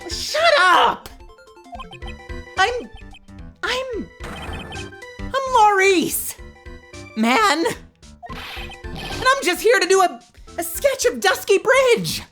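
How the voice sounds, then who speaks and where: A woman's voice: very high-pitched, very animated, very slow, long pauses, soft background music, pitched above the performer's own voice, heavily acted. A woman voicing a brash, goofy young man who speaks with a put-on New York and surfer drawl. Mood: flustered. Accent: put-on New York and California surfer mix. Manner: loud, whiny, dude-speak.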